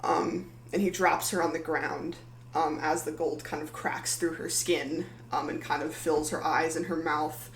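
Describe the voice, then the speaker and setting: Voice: mid-range voice, fairly even intonation, a little slow, a bit bright. A game master narrates a tabletop session in a rambling, filler-laden way. The voice sits in a roomy space with a faint hum behind it.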